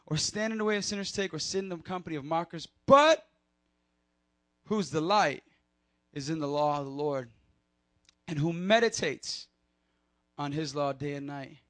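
A man giving a playful, energetic sermon to a youth crowd, leading call-and-response and laughing with them. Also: a little high, normal speed, long pauses. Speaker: youth pastor.

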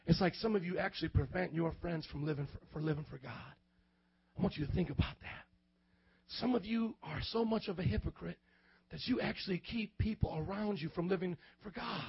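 A young youth pastor with a very high, light voice preaches to a church youth group. He is animated and slangy, acting out the voices of the people in his examples and often rising to a shout. The recording sounds muffled and lo-fi. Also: brisk, slightly rough, no room sound. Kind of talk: youth sermon.

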